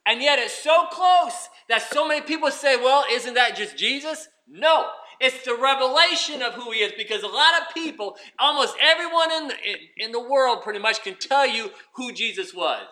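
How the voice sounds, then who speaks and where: A man preaching with a very high, piercingly bright voice. He swings from ringing emphasis down to near-whispered asides as he addresses the congregation. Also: lively intonation, moderate pace, few pauses. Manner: preaching with swings from loud to hushed. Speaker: pastor. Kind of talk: sermon.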